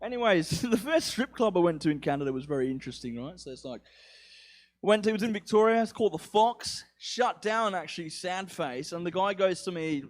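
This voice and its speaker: A man's voice: high-pitched, expressive, brisk. A young man doing a rambling, profane stand-up set, with an accent somewhere between English and Australian. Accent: mixed English and Australian. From England. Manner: rambling, profane, self-mocking. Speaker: stand-up comedian.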